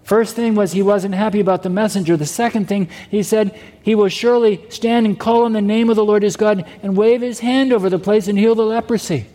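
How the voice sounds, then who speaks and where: Speaking fairly quickly with few pauses, a male pastor preaches in a church sanctuary, his high, dark voice staying fairly even in intonation. He keeps checking with rhetorical questions whether the congregation heard him, and a long hall reverb trails his words.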